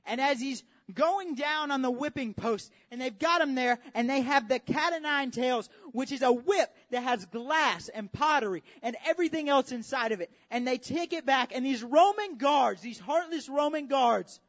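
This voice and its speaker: A preacher delivering a dramatic sermon, repeating phrases for emphasis and swinging from hushed tones to shouts, recorded at a church service. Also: sits high, lively intonation, normal speed, few pauses. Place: church service with worship team. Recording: dull lo-fi audio with faint music.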